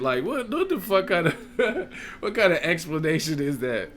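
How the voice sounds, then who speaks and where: A man's voice: fairly high pitch, sing-song, moderate pace, few pauses, fairly bright tone, faint music behind. A man hosting a live stream, chatting casually, joking, swearing and laughing a lot.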